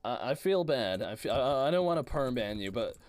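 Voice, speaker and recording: A man's voice: medium pitch, big pitch swings, fairly quick, darkish tone. A man streaming a game live, reading chat messages aloud and answering them in a casual way.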